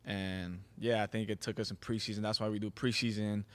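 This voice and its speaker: Easygoing young man with lowish voice. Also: flat delivery, a little fast, smooth. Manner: easygoing, modest, many fillers. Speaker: guest, soccer team captain. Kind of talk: casual interview.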